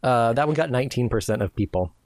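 Woman, very deep voice, podcast co-host, teasing, casual chat, dry close sound. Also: expressive, fast, a little mellow, dry recording. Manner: teasing, quizzes her co-host with would-you-rather questions.

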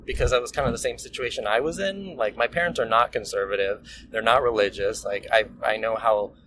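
A man's voice: mid-range voice, fairly quick, fairly bright tone, a little hiss or hum, low-quality recording. A young man co-hosting a podcast, teasing and enthusiastic, with lots of fillers. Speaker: podcast co-host. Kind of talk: casual chat.

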